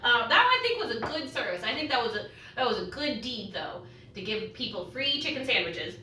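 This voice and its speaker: Irreverent young woman, bright voice, echoey kitchen. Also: on the high side, sing-song, fairly quick, far from the mic. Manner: joking, irreverent, swears freely. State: teary-eyed from cutting onion. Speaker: vlogger. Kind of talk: casual chat while cooking. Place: home kitchen. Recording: echoey room, mic set back.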